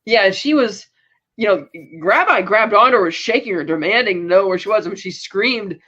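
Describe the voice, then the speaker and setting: A woman's voice: medium pitch, animated, normal speed, pushed and bright, muffled recording. A woman co-hosting a podcast, casually recapping episodes in a rambling way and acting out quotes. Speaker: podcast co-host.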